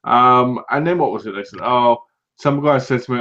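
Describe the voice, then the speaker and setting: A British man co-hosting a casual podcast, telling lively anecdotes and acting out what other people said. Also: medium pitch, moderate pace. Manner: animated anecdotes, acts out other people's lines. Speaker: podcast co-host. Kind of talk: casual chat, storytelling. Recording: dull lo-fi recording.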